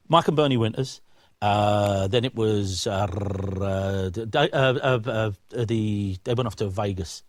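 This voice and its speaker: Male interview guest, lively storyteller who does the voices, wide pitch swings, dry studio. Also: no room sound. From England. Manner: acts out voices in his stories, lively and chatty. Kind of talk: animated anecdotal storytelling.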